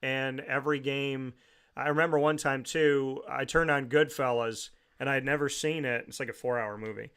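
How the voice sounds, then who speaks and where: A man's voice: medium pitch, steady tone, normal speed, fairly bright tone, smooth. A man hosting a talk show, telling heartfelt family memories in a rambling way with frequent restarts.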